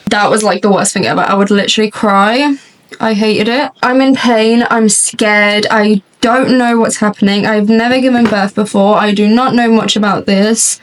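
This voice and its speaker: A woman's voice: medium pitch, steady tone, normal speed, recorded from a distance, low-quality recording. A young woman telling a long story while doing her makeup, chatty and rambling, laughing often. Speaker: beauty vlogger. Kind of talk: chatty get-ready-with-me storytelling. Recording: voice slightly off-mic.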